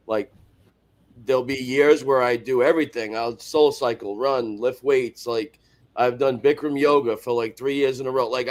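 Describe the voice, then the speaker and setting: A man guest on a panel chat, rambling and filling his talk with "like" and restarts. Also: mid-range voice. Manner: rambling, says like constantly, restarts a lot. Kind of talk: casual chat.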